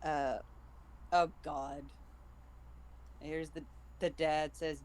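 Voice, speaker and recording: A chatty man on a live stream, walking through a book's plot in a loose, amused way. His voice sits a bit high for a man. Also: flat delivery, very slow, long pauses, a little mellow, slight background noise, rough recording. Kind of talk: casual chat recapping a book.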